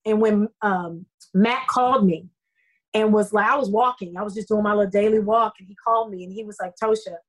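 A middle-aged actress speaking as an interview guest, telling her story in an effusive, emotional way with lively quoted asides. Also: medium pitch, brisk, rough recording. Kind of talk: conversational interview.

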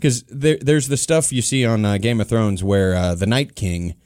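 A man co-hosting a podcast in casual banter, jokey and quick to riff. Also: fairly low pitch, a little mellow, no echo, studio quality. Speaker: podcast co-host.

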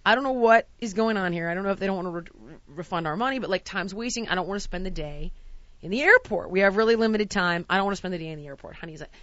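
A woman's voice: mid-range voice, very fast, no room sound, dull audio. A woman in casual chat, telling a long travel story and acting out the quotes with exasperated outbursts. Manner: acts out quotes, shouting in exasperation.

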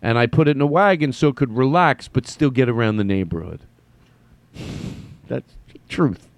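A man's voice: mid-range voice, lively intonation, normal speed, no echo. A male podcast host rambling through a comic story in a stammering, self-deprecating way. His voice sits mid-range and sounds close and dry. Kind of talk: rambling comedic monologue.

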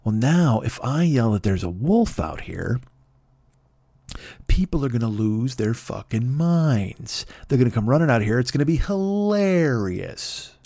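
A man's voice: mid-range voice, big pitch swings, measured pace, warm tone, no room sound. Man doing a bored smug shepherd boy. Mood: bored scheming. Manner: lazy, sneering, mocking. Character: bored, smug young male shepherd prankster.

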